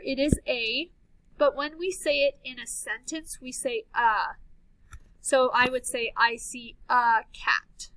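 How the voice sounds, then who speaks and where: A woman teaching an early reading lesson to young children, speaking slowly with clear, encouraging enunciation. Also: sits high, sharp tone, a little hiss or hum, rough recording.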